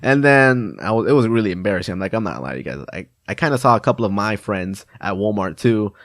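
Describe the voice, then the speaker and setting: A man telling a story from his childhood in a casual, animated vlog style, swearing freely and swinging between loud and quiet. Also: on the low side, fast talker, no echo. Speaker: vlogger.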